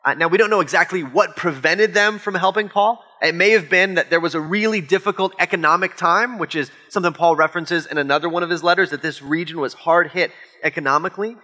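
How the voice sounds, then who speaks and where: A man preaches a sermon in a relaxed, conversational way, slipping in joking asides. His voice sits high and sounds bright and forceful. A long hall reverb trails behind his words. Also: fast talker, hardly any pauses. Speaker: pastor.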